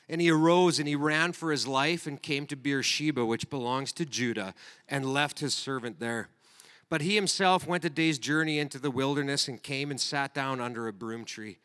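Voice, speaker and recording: A man's voice: on the high side, sharp tone, clear, resonant tone. A man preaching a sermon, reading scripture aloud and then speaking to the congregation in an earnest way. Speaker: pastor. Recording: reverberant hall.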